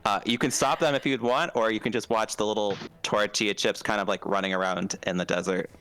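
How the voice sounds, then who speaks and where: A man's voice: lowish voice, steady tone, a little fast, a bit bright, clean tone. A man narrating a tabletop game as dungeon master, hesitant and full of fillers and restarts.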